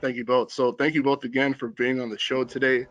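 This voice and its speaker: Casting: young male student host, mid-pitched, close and dry, earnest and formal on a video call. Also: level tone, fairly quick, no room sound, dull audio. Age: young adult. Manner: earnest, polite, formal introductions. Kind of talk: hosted panel talk.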